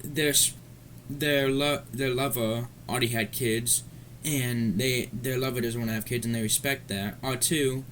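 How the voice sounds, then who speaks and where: Brief: angry male vlogger, mid-pitched, swears a lot, rambling rant, faint background hum. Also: fairly even intonation, a little slow, pushed and bright. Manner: profane, heated, rambling. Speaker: commentary vlogger. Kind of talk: ranting commentary.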